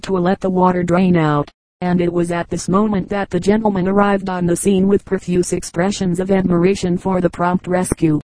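A woman reading short humorous anecdotes aloud as an audiobook, in an even, measured storytelling manner. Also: lowish voice, no echo, low-quality recording. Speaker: audiobook reader.

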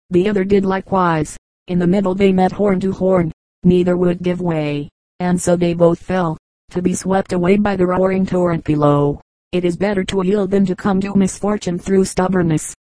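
Low, even-voiced woman reading fables. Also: no echo, low-quality recording. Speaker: audiobook reader. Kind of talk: storybook narration.

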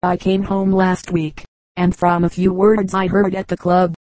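A woman's voice: lowish voice, little pitch movement, measured pace, darkish tone, no room sound, lightly acted, poor audio. A woman reading as a courteous army captain. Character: well-bred middle-aged army captain, kindly and direct.

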